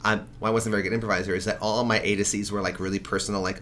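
Fast-talking bright-voiced man. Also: lowish voice, level tone, slight background noise. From New York City. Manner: swears often, references pop culture. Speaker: podcast co-host. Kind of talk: casual chat.

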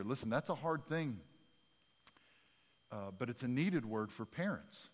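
A man preaching a sermon in a church sanctuary, animated, with folksy, self-deprecating humor. His delivery swings from soft asides to loud, emphatic bursts. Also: mid-range voice, takes it slowly, pauses often, long reverb tail. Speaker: pastor.

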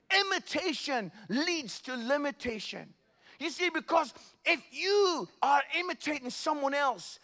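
A man preaching a sermon, telling jokey, animated stories. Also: extremely high pitch.

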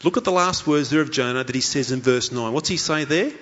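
A man's voice: mid-range voice, brisk, fairly bright tone, muffled recording, a little hiss or hum. A man preaching a sermon in an earnest way, asking many rhetorical questions and voicing the thoughts of a story figure. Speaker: pastor.

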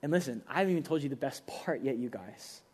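A man's voice: mid-range voice, expressive, fast talker, a little mellow, husky. A young adult man, a pastor, preaching a casual but emphatic sermon with rising bursts of energy.

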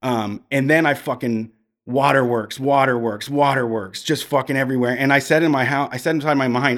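A man's voice: medium pitch, steady tone, fairly quick, a bit bright. A man telling long personal stories on a podcast, frank and profane, rambling with restarts. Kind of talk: casual storytelling.

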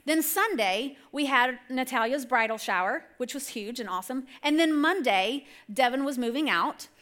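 Middle-aged woman speaker, high bright voice, chatty sermon storytelling from the stage. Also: animated, moderate pace. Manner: chatty, rambling, self-correcting. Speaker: church speaker. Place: church stage.

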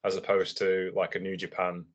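A man co-hosting a casual wrestling podcast, talking in a relaxed, analytical way and laughing easily. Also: low voice, fairly quick, muffled recording.

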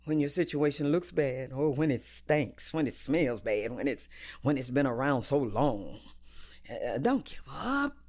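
A woman preaching a sermon in a rhythmic, repetitive cadence, swinging between hushed whispers and loud cries. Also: very deep voice, sing-song, measured pace.

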